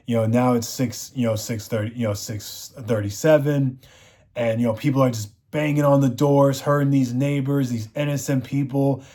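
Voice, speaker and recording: A man's voice: mid-range voice, fairly even intonation, normal speed, mellow. A man reviewing a TV show, recapping the plot in a rambling, casual way, full of "you know" fillers.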